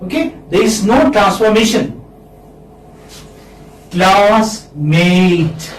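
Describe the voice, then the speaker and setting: A man with an Indian accent gives a classroom lecture in a high voice, speaking slowly and repeating words aloud for his students. He keeps checking with a quick "hmm?". The recording is roomy and distant, with faint hiss underneath. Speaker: English literature lecturer. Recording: echoey room, distant mic, faint hiss.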